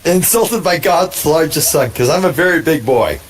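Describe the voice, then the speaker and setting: A man's voice: a little high, lively intonation, moderate pace. A tipsy man with hiccups, chatting casually as a co-commentator on a game stream, rambling and restarting his sentences. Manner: rambling, self-interrupting storyteller. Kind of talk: casual banter over gameplay.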